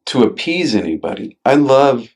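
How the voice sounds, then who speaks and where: A man's voice: medium pitch, big pitch swings, normal speed, darkish tone, slightly rough. A man hosting a podcast in a casual chat. He tells stories with many fillers and swears now and then, and acts out quotes in a raised voice. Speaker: podcast host.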